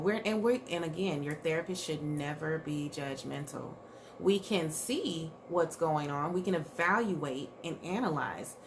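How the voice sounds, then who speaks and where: A woman's voice: on the low side, a bit bright, a little hiss or hum. A woman mental health therapist talking candidly to her viewers in a loose, conversational way, with plenty of fillers and restarts. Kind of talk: casual talk to camera.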